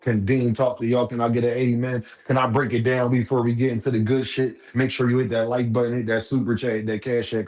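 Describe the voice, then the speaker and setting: A man's voice: mid-range voice, darkish tone. A man hosting a casual boxing live stream, talking straight to his viewers in a preachy, repetitive, profane way.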